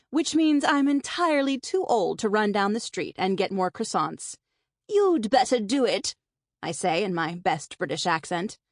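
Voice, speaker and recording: A woman's voice: medium pitch, no room sound. A woman reading a first-person novel aloud in a wry, conversational way, close to the mic. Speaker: audiobook narrator. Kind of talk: first-person scripted narration. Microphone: close studio mic.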